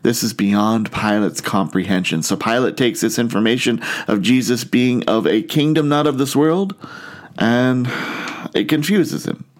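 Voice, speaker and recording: A man's voice: medium pitch, a little slow. Man preaching an earnest sermon. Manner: earnest, questioning, with rhetorical questions to the congregation. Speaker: pastor.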